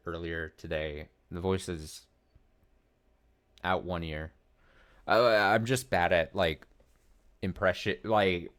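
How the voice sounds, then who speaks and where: A man's voice: deep voice, fairly bright tone. A man in his thirties giving rambling, profane let's play commentary full of fillers and restarts. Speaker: streamer.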